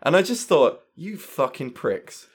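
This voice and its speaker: Brief: male co-host, animated and profane, expressive pitch swings. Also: a little slow, breathy edge. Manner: animated, swearing, acts out quotes. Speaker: podcast co-host. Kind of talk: casual film review chat.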